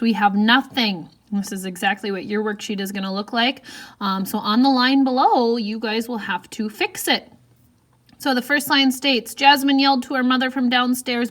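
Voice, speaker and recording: A woman teacher with a somewhat high, slightly bright voice gives a writing lesson, reading example sentences aloud and walking through her writing step by step. She lifts her voice when reading the quoted lines.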